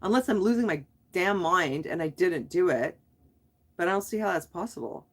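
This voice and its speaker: A middle-aged woman vents to her live-stream viewers, rambling and restarting as she goes. Her voice sits on the low side for a woman. She sounds frustrated and worn down. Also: expressive, moderate pace. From Canada. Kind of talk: casual live stream chat.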